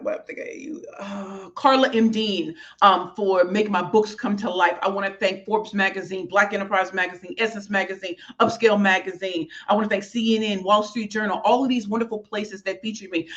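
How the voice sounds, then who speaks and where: A woman speaker and author, mid-range in voice, talks from a small office in a hotel suite during a heartfelt, rambling live stream. She uses lots of fillers and warmly thanks her viewers. The stream audio is dull and lo-fi.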